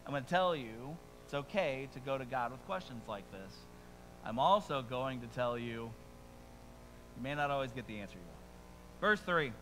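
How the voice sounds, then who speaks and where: A man preaching a sermon as pastor, conversational and animated, with quick asides and rising emphasis, speaking to a congregation in a church. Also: mid-range voice, slight background noise, poor audio. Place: church sanctuary before a congregation.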